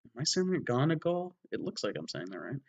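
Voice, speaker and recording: A man giving a mock-dramatic reading of a story, breaking off for wry, deadpan sarcastic asides. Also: mid-range voice, fairly quick. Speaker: comedic reader.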